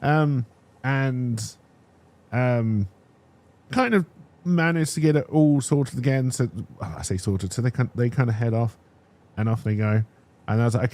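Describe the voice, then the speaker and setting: A young man telling a casual personal story as a streamer, animated and restarting his sentences, checking in with "right?". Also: medium pitch, measured pace, long pauses.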